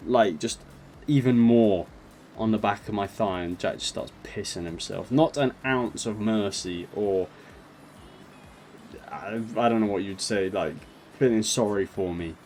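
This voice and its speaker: A man's voice: on the low side, unhurried, darkish tone, a little hiss or hum. A young man casually telling a funny holiday story, laughing and mocking himself along the way. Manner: chatty, laughs through his story, self-mocking. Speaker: storyteller vlogger.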